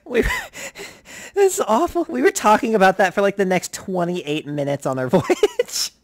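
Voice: mid-range voice, wildly swooping pitch, measured pace. A young adult friend on a voice call, teasing and swearing with lots of laughter. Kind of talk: casual chat. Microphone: voice call mic.

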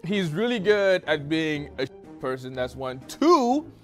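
A man's voice: a little high, big pitch swings, a little slow, a bit bright, faint music behind. A man on a dating game who rambles hesitantly while a put-on accent slips in and out.

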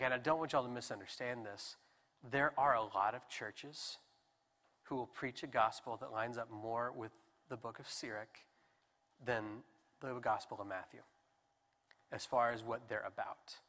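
Young male preacher, bright and animated, reverberant church hall. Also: mid-range voice, moderate pace, pauses often. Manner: animated, conversational preaching with restarts. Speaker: pastor. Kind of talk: sermon. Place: church sanctuary.

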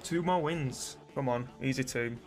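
A young man commentating his own football video game match, muttering to his players and then yelling at them. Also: medium pitch, measured pace, soft background music. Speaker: gaming streamer. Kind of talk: excitable gameplay commentary.

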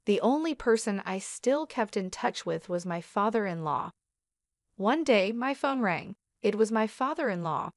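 A mid-pitched woman narrates a first-person story in an even, steady way. The sound is close and dry, with no room around it. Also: a little slow, no echo.

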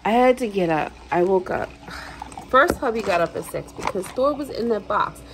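A young adult woman vlogs casually to her camera, ranting through a frustrated story, swearing freely and using lots of fillers. Her voice is medium-pitched and animated at normal speed, with slight background noise and poor audio quality.

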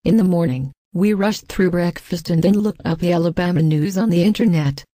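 A woman with a fairly low, dark, mellow voice reads a first-person ghost story in a measured, even way, and reads the quoted lines herself. The recording is close and dry, with no room sound. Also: no echo. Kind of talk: scripted ghost story narration.

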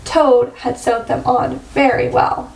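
A woman teacher reads a picture book aloud to young children, slow and clear with a high voice. Her voice echoes around the room, picked up from a mic some distance away. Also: flat delivery, noisy background. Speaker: first grade teacher.

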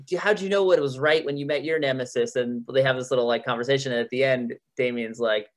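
A man of ordinary, mid-height pitch speaks as a guest on a podcast, chatty and quick to laugh. He often restarts his sentences as he tells stories about making a show. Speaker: TV executive producer and head writer. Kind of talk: casual podcast interview.

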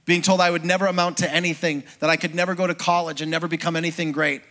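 A middle-aged man, a pastor, preaching a sermon as a lively personal testimony and acting out the voices of people in his story. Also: on the high side, rapid-fire. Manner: storytelling, acts out quoted voices, conversational with congregation.

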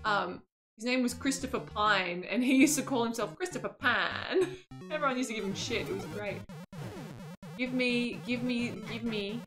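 A woman in her twenties with an Australian accent, giving excitable, casual commentary while playing a game and laughing often. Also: mid-range voice. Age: 20s. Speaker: game streamer.

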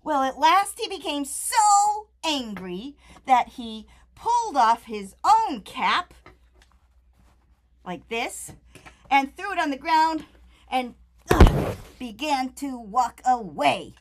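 A woman reads a picture book aloud to young children. Her high, lively voice swoops widely and takes its time. She is playful and animated, drawing the kids in with questions. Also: slow, background noise. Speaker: storyteller.

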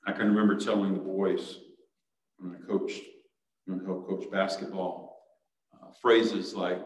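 A man's voice: low voice, level tone, a little slow, pauses often. A male pastor preaching a sermon in an earnest way that builds to urgent exhortation. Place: church sanctuary. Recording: echoey church sanctuary, mic at a distance.

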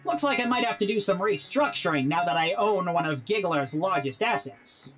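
Slick scheming robot crook. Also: female voice, fairly low pitch, animated, moderate pace, a bit bright, faint music behind, rough recording. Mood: smug. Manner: slick, breezy, self-assured. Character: smooth-talking crooked robot businessman, scheming. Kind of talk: game character dialogue.

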